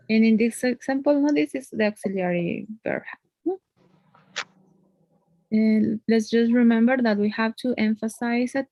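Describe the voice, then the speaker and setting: This woman teaching English one-on-one online has a slightly high, slightly mellow voice in a dry recording. Patient in her explanations, she tends to finish points with an inquiring "no?"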